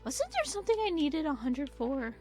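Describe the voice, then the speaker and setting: A high-pitched, slightly mellow female voice swoops wildly in pitch at a moderate pace. The young woman, a gaming channel host, casually narrates her farming game in let's-play style, rambling into sweary tangents that poke fun at herself, over faint game music.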